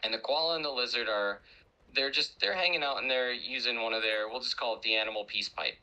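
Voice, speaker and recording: A man's voice: medium pitch, quick pace, pushed and bright, muffled recording. A man on a voice call with another streamer, talking through rules aloud and telling a joke as a story. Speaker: guest streamer. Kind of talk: casual chat over voice call.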